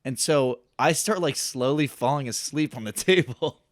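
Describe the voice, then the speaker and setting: A man's voice: medium pitch, moderate pace, dry recording, clean studio sound. A young man co-hosting a podcast, telling a self-deprecating story in a rambling way full of "like". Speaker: podcast co-host. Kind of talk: casual storytelling chat.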